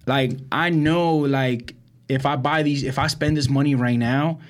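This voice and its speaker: In a casual storytelling chat, a young man from Brooklyn who co-hosts a podcast speaks a bit slowly at a medium pitch. He performs the quotes in his stories with animation and fills the gaps with plenty of "like" and "um."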